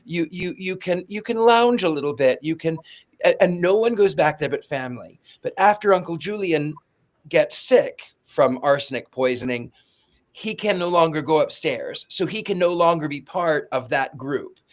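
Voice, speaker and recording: A man's voice: fairly high pitch, lively intonation, moderate pace. A man co-hosting a podcast who explains with enthusiasm and wanders into long asides. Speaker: podcast co-host. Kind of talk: casual chat.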